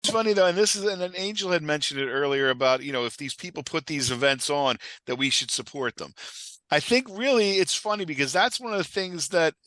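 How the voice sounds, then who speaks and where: A man's voice: fairly high pitch, fairly quick, a bit bright, dry recording, poor audio. A man talking as a podcast guest in casual chat, eager and rambling.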